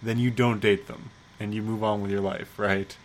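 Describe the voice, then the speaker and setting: A man's voice: lowish voice, little pitch movement, moderate pace, poor audio. Blunt, swearing man in casual chat. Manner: blunt, profane, emphatic. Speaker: podcast co-host.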